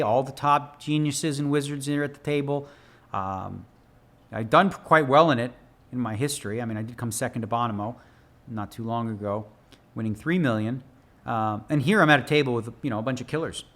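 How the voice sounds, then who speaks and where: A man's voice: mid-range voice, fairly bright tone. A man who plays poker for a living, talking through one of his hands in a loose, joking, slangy way. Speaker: professional poker player analysing his own hand. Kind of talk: casual spoken hand analysis.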